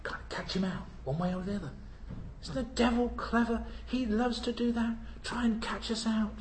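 A man preaching a sermon in a church. He asks the congregation rhetorical questions and swings between loud emphasis and hushed asides. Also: high voice, normal speed, reverberant, slight background noise, rough recording.

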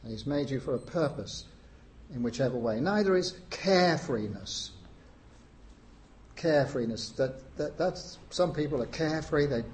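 A man preaching a sermon, unhurried, with frequent pauses and rising emphasis on key phrases. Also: mid-range voice, a little mellow, a little hiss or hum.

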